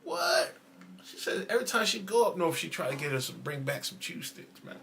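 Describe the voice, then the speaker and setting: Host type, male, bright voice, animated casual storyteller who eats on air. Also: a little high, fast, vocal fry, a little hiss or hum. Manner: snacking and chewing while talking. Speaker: show host. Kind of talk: casual livestream chat.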